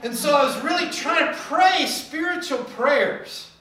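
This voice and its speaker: A preacher giving a sermon in a lively way, acting out quoted voices with humor. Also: high voice, a little slow, noisy background. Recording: echoey hall from far off.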